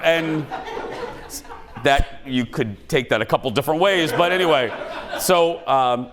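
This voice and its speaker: A middle-aged man hosting a studio talk show, telling a self-mocking story in an animated way. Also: on the high side, measured pace, crowd noise. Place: TV studio with live audience.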